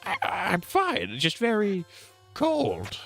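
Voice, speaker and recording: Guy doing a high squeaky little spade prince, silly, bright voice, slow and swoopy. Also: huge pitch swings, vocal fry, soft background music, heavily acted. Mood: whiny pleading. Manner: sing-song, swooping and silly. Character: goofy boastful young male spade prince.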